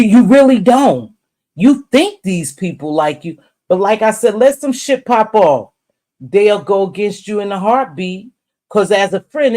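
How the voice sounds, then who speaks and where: A woman's voice: fairly low pitch, darkish tone. A woman hosting a live stream, giving casual commentary in a blunt, profane, chatty way and greeting viewers by name.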